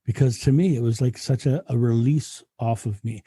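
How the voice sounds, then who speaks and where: A man's voice: medium pitch, moderate pace, dark tone, slightly rough, no echo, studio quality. A man, a guest speaker, talking earnestly in a reflective interview and often restarting his sentences. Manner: earnest, frequent restarts and repetitions.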